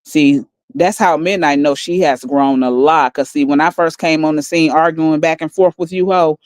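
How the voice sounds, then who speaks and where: Woman ranting on a phone stream, smooth clear voice, dry sound, swears a lot and mocks folks calmly. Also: sits low, normal speed, dry recording. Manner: profane, taunting, calmly mocking. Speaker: livestream host. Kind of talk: casual livestream rant.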